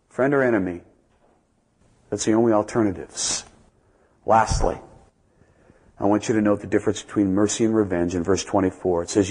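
A man preaching a sermon as a pastor, telling stories and building to loud, emphatic peaks before dropping back to quiet asides. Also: on the low side, husky. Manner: storytelling, swings from soft asides to loud emphatic climbs. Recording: long reverb of a large hall.

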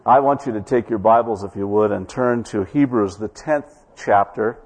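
A male pastor delivers a sermon in a church, his voice slightly husky and breathy. He tells a story to the congregation, drawing out his key words for emphasis. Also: fairly low pitch, darkish tone, big-room sound. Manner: storytelling preacher, slows for emphasis.

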